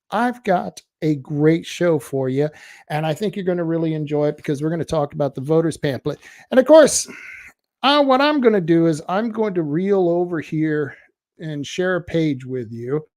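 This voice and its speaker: A man from the United States hosts a local political livestream, his voice sitting a little high for a man. He talks casually and bluntly, throwing sarcasm at commenters. The sound is close and dry, with no room around it. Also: darkish tone, no room sound. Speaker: host of a local political web show.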